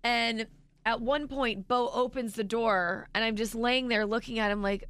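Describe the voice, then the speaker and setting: A woman's voice: normal speed, clear, resonant tone, no room sound. A woman in her thirties co-hosting a radio show, telling a story with dramatic, acted-out quotes. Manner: dramatic, acts out quotes with big pitch jumps.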